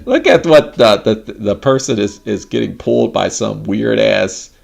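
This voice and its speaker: Gravelly, animated man chatting on a stream. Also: on the low side, a little slow. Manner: animated, laughing often, swearing casually. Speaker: livestream host. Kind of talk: casual livestream chat.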